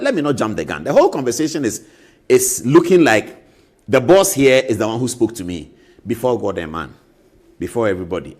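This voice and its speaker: Animated man telling a story. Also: medium pitch. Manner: animated, acts out both sides of phone calls. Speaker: radio show host. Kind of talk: storytelling on a talk show.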